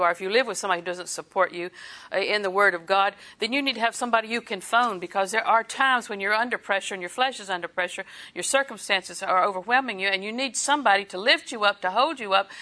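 A woman's voice: mid-range voice, bright, forceful tone. A woman preaching a sermon in a conversational way, chuckling and acting out quoted asides.

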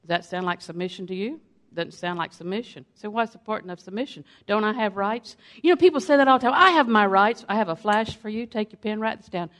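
A woman's voice: medium pitch, fast. An older woman delivers a sermon with emphatic repetition. She drives her points home through stories told from the pulpit. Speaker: preacher.

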